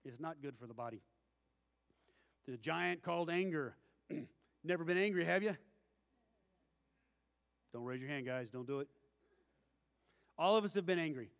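A man's voice: on the high side, animated, unhurried, creaky, long pauses, fairly bright tone. A man, preaching a sermon and telling folksy stories, acting out the voices of the people in them. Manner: folksy storytelling with acted-out quotes. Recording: long hall reverb.

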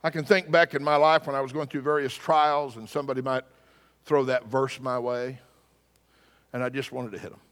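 A man preaching a sermon, telling a story with wry humor and lively delivery. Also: mid-range voice, moderate pace, long reverb tail. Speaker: pastor.

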